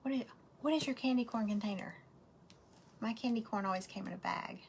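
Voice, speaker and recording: A woman's voice: fairly high pitch, brisk, creaky, slight background noise. A woman, chatting casually and rambling to viewers as she hosts a craft livestream from home.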